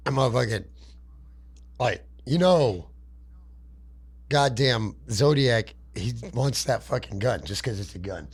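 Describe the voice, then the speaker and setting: A man co-hosting a comedy podcast, telling a crude, profane, animated story and putting on voices for its characters. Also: mid-range voice. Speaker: podcast co-host.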